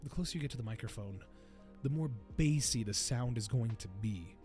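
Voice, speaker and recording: A man's voice: medium pitch, a little fast, darkish tone, faint music behind. A man hosting a podcast in casual chat, laughing often and explaining things at length with many restarts. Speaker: podcast host.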